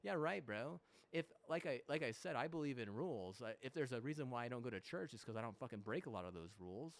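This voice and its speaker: A young man rambles through his gaming session in a loose, profane stream of talk. He restarts sentences constantly and leans on fillers. His voice sits at an ordinary middle pitch. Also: lively intonation, fast, creaky. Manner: heavy swearing, frequent restarts and fillers; mocking mimicry of apologies. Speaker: gamer.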